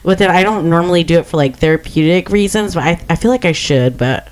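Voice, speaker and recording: A young woman with a lowish voice chats casually as a podcast co-host. She rambles with plenty of filler words and breaks into laughter often. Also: fast talker. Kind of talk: casual chat.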